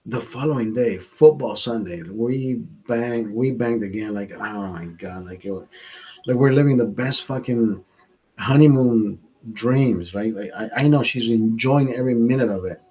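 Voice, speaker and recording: A man's voice: medium pitch, normal speed, dark tone, husky, low-quality recording. A man hosting a livestream, telling a story in a heated, profane rant. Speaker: livestream host. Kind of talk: ranting storytime monologue.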